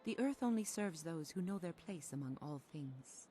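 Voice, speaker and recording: An actress voicing a calm, wise female martial arts mistress in video game dialogue, speaking in a serene, measured, instructive way. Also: low-pitched, faint music behind.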